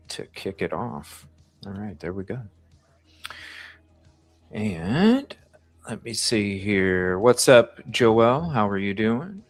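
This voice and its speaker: A man hosting a live stream, reading a call transcript aloud and chatting with viewers about their comments and votes. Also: lowish voice. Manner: reads out chat comments and asks viewers to vote.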